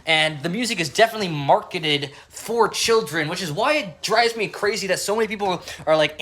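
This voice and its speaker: A music reviewer ranting sarcastically through an album review vlog, swearing often and bursting into loud outbursts, recorded in an apartment. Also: mid-range voice. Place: apartment room.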